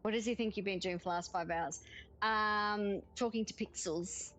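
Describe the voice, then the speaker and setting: A woman's voice: mid-range voice, normal speed, a bit bright, slight background noise, low-quality recording. A woman chatting casually while playing a game, giggling often and reading game text aloud. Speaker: gaming streamer. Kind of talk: casual let's-play chat.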